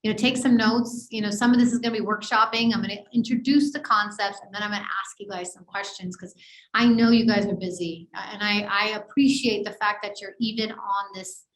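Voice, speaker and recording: Woman, workshop presenter, energetic conversational delivery, frequent check-ins, mid pitch, echoey video call room. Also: brisk. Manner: energetic, conversational, many fillers and "right?" tags. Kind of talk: online business workshop talk. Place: home office on a video call. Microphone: video call mic.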